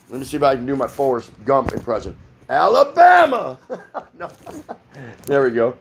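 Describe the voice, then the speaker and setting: Easygoing middle-aged American livestream host. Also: male voice, mid-range voice. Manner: rambling, reads viewer comments aloud and chats back. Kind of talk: casual livestream chat. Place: home in the Philippines.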